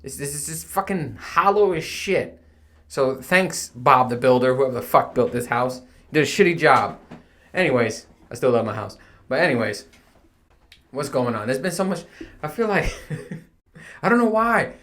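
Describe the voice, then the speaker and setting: A man's voice: medium pitch, lively intonation, normal speed, a bit bright. A man hosting his podcast from home, chatting casually in a rambling, profane way and laughing at himself. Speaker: podcast host. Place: home room. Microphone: home recording setup.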